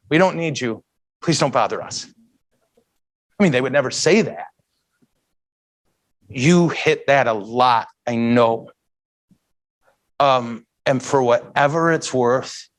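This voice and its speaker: A priest giving a heartfelt talk to an audience, earnest and emotional, with self-mocking humor. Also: male voice, medium pitch. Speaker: priest and guest speaker. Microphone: handheld mic.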